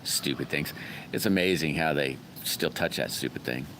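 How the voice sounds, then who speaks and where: A man's voice: extremely low pitch, moderate pace, noisy background. A middle-aged man hosting a casual live stream, rambling in a folksy way and greeting viewers by name. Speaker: livestream host.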